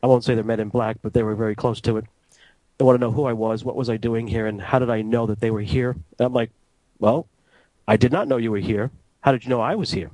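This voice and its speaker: A man telling stories from his years as a radio transmitter engineer. He is casual and animated and acts out each exchange in the story. His voice sits at an ordinary middle pitch and sounds dry and close to the mic. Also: fast, dry recording, poor audio. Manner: animated anecdote teller, acting out dialogue.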